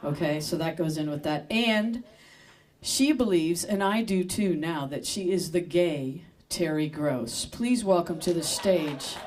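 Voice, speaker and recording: A woman's voice: lowish voice, unhurried, a little mellow. A woman hosting a live comedy show in a store, introducing the comedian with joking, rambling asides. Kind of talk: casual stage introduction.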